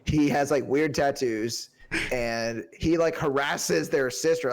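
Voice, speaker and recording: Gravelly-voiced man on a film podcast. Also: medium pitch, slow pace. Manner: loose and profane, slips into mock accents. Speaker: podcast co-host. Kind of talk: casual film review chat.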